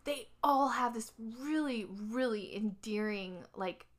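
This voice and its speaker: A woman's voice: fairly high pitch, slow pace. A woman in her thirties co-hosting a podcast, chatting casually and gushing with frequent giggles. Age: 30s. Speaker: podcast co-host. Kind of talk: casual chat.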